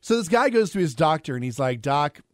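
A man's voice: a little high, sing-song, quick pace, dry recording. A man hosting a radio morning show, telling jokes playfully and laughing at his own punchlines, on a close studio mic. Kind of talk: casual on-air banter and joke telling.

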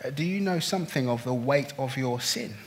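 A man preaching a sermon, swinging from hushed, slow lines to loud, pleading outbursts. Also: mid-range voice, a little hiss or hum. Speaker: pastor.

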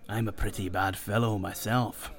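A man's voice: lowish voice, fairly even intonation, normal speed, voice pushed down, natural voice. A vulgar, domineering rogue, as a man reads him aloud. He is rude and boisterous, barking orders and mocking his friend. It belongs to a storybook narration. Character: coarse, vulgar, bossy small man. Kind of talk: audiobook character reading.

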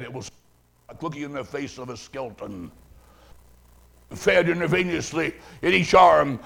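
A man preaching a sermon, telling a story dramatically and swinging from hushed tones to shouting. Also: sits high, vocal fry.

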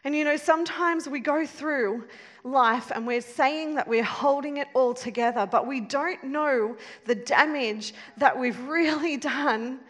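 A woman with a high voice tells a story to a live audience, lively and self-mocking, laughing at her own mishaps. Her voice carries a long reverb, as if spoken in a large hall. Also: measured pace. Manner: animated, self-mocking, laughs while telling. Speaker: speaker telling a story to an audience. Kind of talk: storytelling talk with a moral.

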